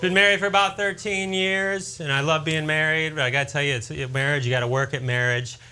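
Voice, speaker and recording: A man's voice: fairly high pitch, fairly even intonation, a little fast, bright, forceful tone, a little hiss or hum. A man in his forties doing a stand-up comedy routine with punchy joke delivery.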